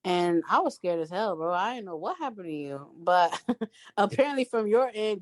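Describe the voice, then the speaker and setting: A woman guesting on a podcast, telling a story in an animated, emphatic way and acting out what people said. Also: medium pitch, moderate pace, slight background noise. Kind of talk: casual storytelling chat.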